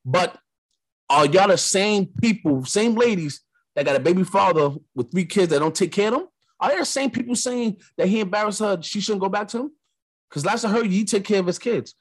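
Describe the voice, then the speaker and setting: A young man from New York with a New York accent, hosting a podcast and telling a story in a casual monologue, animated, acting out the lines of the people in it. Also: high-pitched, breathy edge. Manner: animated storyteller, acts out quotes. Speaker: podcast host.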